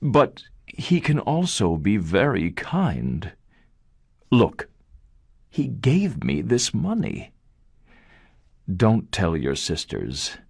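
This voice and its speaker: A man's voice: lowish voice, wildly swooping pitch, extremely slow, gravelly, pauses often, slightly rough, heavily acted. Man doing a frightened old father. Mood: gentle. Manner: pleading, anxious.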